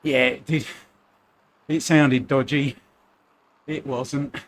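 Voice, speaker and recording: Slow-talking Essex man. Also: mid-range voice, level tone, a little hiss or hum. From Essex, England. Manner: chatty, joking, self-deprecating. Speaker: cycling vlogger. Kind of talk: casual chat while racing.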